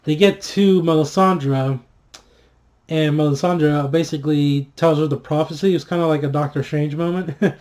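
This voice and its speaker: Excitable, foul-mouthed man reviewing a show. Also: a little high, moderate pace. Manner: excitable, swears freely, many fillers and restarts. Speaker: TV episode reviewer. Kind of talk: casual spoken review.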